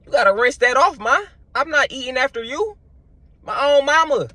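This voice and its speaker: A man's voice: very high voice, normal speed, bright, forceful tone, dry recording, voice pushed up, full character voice. A man voicing his younger self as a fussy boy who is incredulous and disgusted about sharing food.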